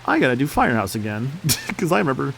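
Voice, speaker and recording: A man's voice: medium pitch, very animated, fast, vocal fry, a bit bright, slight background noise. Rambling, laid-back man in his late twenties. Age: late 20s. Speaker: streamer. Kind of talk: casual game stream chat.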